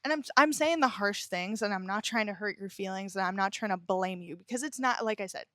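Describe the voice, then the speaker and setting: A woman's voice: medium pitch, fairly quick, a bit bright, dry recording, clean studio sound. A young adult woman hosting a podcast, talking bluntly and emphatically about her own life and swearing often. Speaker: podcast host. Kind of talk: personal confessional monologue.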